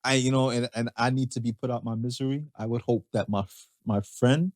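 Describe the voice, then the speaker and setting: A man's voice: mid-range voice, steady tone, darkish tone, dry recording. Chill guy on a podcast, mid voice, stumbles and repeats himself, dry sound. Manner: laid-back, halting, repeats words. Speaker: podcast co-host. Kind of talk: casual chat.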